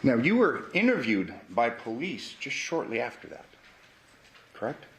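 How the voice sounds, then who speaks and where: A man's voice: medium pitch, sing-song, unhurried, a bit bright, a little hiss or hum. Man cross-examining a witness in court. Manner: pressing, repeats "correct?" to pin down answers. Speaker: defense attorney.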